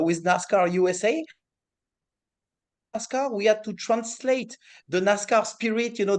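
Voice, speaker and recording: A middle-aged man with a French accent, a racing series president answering interview questions in halting English with many fillers. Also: high voice, darkish tone.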